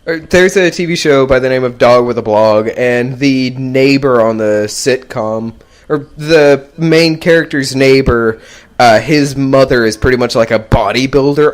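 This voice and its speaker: A young man hosts a casual gaming podcast, his medium-pitched voice unhurried as he rambles through casual chat and laughs along the way.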